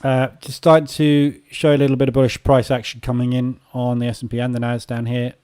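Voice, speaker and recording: A man hosts a live trading session and talks casually as he reads the market. His voice is dark and mellow, at a middling pitch. He thinks aloud, correcting himself mid-sentence. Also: little pitch movement, fairly quick, smooth. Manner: casual, thinking aloud while watching charts. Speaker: trading room host.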